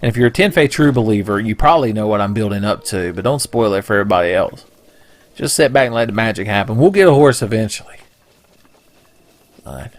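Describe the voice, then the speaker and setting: A young man casually commentating a video game playthrough, joking, swearing and putting on silly voices. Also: lowish voice. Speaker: let's play commentator.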